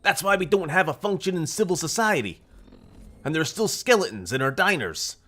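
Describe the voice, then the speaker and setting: A man voicing a mocking male wasteland raider thug with loud, sneering taunts. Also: on the high side, very animated, brisk, voice pushed up, heavily acted.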